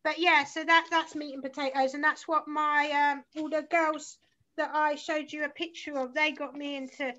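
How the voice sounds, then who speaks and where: Woman, London accent, forties, high-pitched, rambling and sweary, slightly dull recording. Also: flat delivery, moderate pace, bright, forceful tone. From South London, England. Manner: rambling, sweary, enthusiastic storytelling. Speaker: guest musician. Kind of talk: casual chat. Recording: slightly muffled lo-fi sound.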